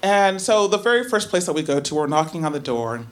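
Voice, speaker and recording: A woman telling a true story on stage, chatty and animated, full of asides and filler words. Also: lowish voice, fairly quick. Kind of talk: live first-person storytelling.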